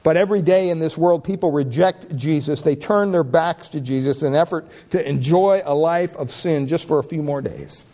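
A man preaching a sermon with passion, reading scripture aloud and rising in pitch and volume on key lines. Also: normal speed, few pauses. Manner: impassioned preaching, swells louder and higher on key lines.

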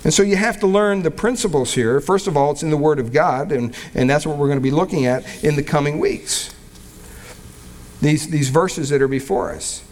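A man, a pastor, teaching a verse-by-verse sermon in a conversational way, with restarts, and reading scripture slowly. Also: a little high, darkish tone. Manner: conversational, with frequent restarts and fillers; reads scripture slowly and deliberately. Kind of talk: expository sermon.

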